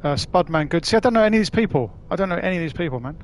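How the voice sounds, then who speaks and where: A man's voice: high voice, expressive, racing, a little hiss or hum. A man chatting casually on a live stream while playing, laughing often and swearing freely.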